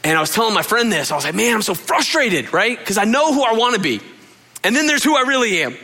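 Guy pastor giving a chatty sermon, higher pitched, bright tone, earnest and talking right at the crowd. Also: sing-song, fast talker, gravelly, breathy edge. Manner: earnest, confessional, addresses listeners directly. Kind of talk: conversational sermon.

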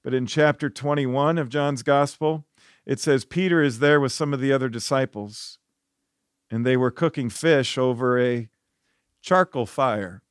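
A man preaching a devotional sermon as a pastor, telling stories earnestly and dropping his voice softly for the reflective parts. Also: mid-range voice, a little slow, clean tone, no room sound, clean studio sound. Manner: earnest storytelling, rising when animated, dropping soft for reflection.

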